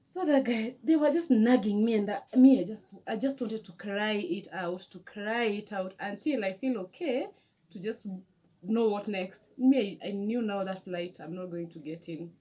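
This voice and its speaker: A woman's voice: mid-range voice, moderate pace, husky. Kenyan woman telling an emotional story. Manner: animated, emotional retelling with many restarts. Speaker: vlogger. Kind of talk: storytime vlog.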